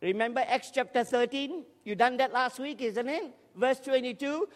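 A man preaching a lively, humorous sermon in a large church hall, joking with the congregation and urging them to respond. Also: very high-pitched, moderate pace. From Scotland. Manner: energetic, jokey, urges the crowd to respond. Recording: long hall reverb in a church.

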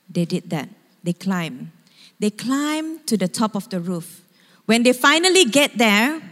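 A woman pastor preaching a sermon as she retells a story with animated storytelling. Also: fairly high pitch. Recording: long hall reverb.

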